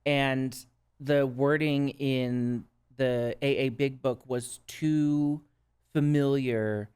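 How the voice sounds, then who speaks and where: A man with a Minnesota accent talks through his own story as a podcast guest. His voice is smooth and clear at a middling pitch, and he keeps it earnest and reflective, often tagging his thoughts with a quick "right?". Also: steady tone, darkish tone. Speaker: guest, substance use counselor. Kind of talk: casual podcast conversation.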